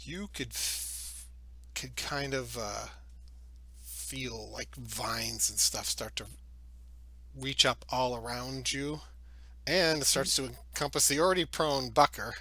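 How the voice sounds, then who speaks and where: A man's voice: medium pitch, fairly even intonation, slow, sharp tone, dry recording. A man narrating as game master of a tabletop game, in a loose, chatty way with fillers.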